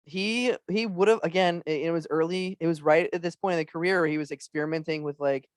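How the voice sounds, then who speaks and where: A man chatting as a podcast guest, swearing freely, laughing often and dropping into quick impressions. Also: fairly high pitch, fairly even intonation, no room sound, clean studio sound. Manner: profane, laughs a lot, does impressions. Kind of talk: casual chat.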